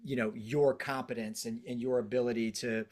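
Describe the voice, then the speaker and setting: A man hosting a podcast, reflecting out loud in a casual, thinking-it-through way. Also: mid-range voice, fairly even intonation, moderate pace. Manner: reflective, talks things through with casual fillers. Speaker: podcast host.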